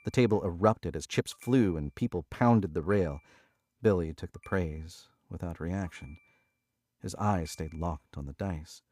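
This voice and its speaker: A man narrating a thriller audiobook in a steady, measured way on a close studio mic. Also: sits low, no room sound.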